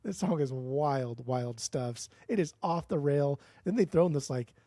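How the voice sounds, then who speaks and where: A man's voice: fairly high pitch, animated, measured pace, warm tone, no echo. A man co-hosting a podcast in casual chat, enthusiastic and swearing a lot, often calling his co-host dude. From United States.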